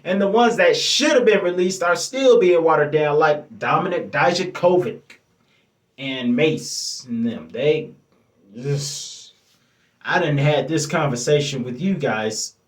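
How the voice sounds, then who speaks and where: A man's voice: a little high, expressive, measured pace. A man reviewing a wrestling show for his viewers in a casual, enthusiastic way, often stopping to correct himself. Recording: echoey room.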